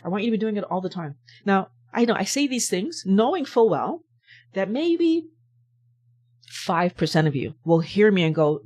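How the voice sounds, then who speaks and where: A woman's voice: medium pitch, big pitch swings, normal speed, a little mellow. A woman hosting a health channel, giving a motivational talk to camera and pressing her point with repeated rhetorical questions. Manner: emphatic, repetitive rhetorical questions.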